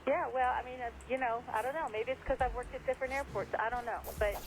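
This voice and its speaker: A woman's voice: a little high, fairly even intonation, fast, music in the background, rough recording. Hesitant woman air traffic controller. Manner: hesitant, defensive. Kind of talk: radio exchange.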